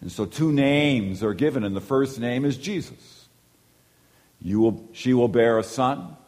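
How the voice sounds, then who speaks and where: Preacher man in a reverberant hall. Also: a little slow. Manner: swings from soft and low to loud and emphatic. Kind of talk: sermon.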